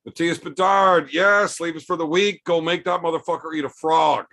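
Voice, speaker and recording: A man's voice: on the high side, steady tone, moderate pace, a bit bright. A man, an arm wrestler, hosting a livestream in a loose chat style, answering viewers' super chats with blunt, profane opinions.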